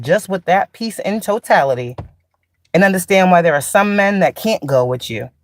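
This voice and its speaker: A woman's voice: lowish voice, animated, normal speed, dry recording. A woman spiritual teacher in a casual, blunt, profane monologue, laughing often and drawing out sarcastic asides.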